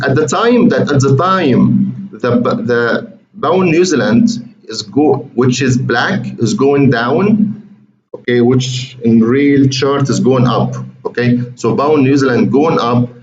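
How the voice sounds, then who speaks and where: A man's voice: mid-range voice, slow. Roomy-sounding man explaining trading charts. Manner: conversational, repeats words, addresses viewers as guys. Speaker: trading educator. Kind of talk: screen-share chart walkthrough. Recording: roomy, muffled, faint hiss.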